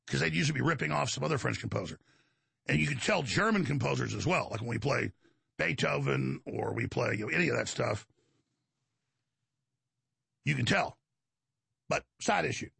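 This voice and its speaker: A man's voice: mid-range voice, lively intonation, quick pace, gravelly, bright, forceful tone, slightly rough, dry recording. A man with a Texan accent hosting a talk show, delivering a combative, rambling monologue to his listeners. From Texas. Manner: combative, digressive, addresses listeners as folks.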